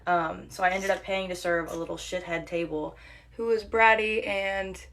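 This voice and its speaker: A young woman, a restaurant server, telling a casual storytime about a customer with sarcastic, animated delivery and mock-sweet quoted voices. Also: on the low side, moderate pace.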